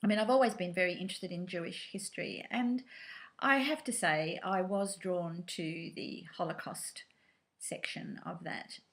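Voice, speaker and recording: A woman telling a personal story in a reflective, soft-spoken way, pausing with fillers and restarts. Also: on the low side.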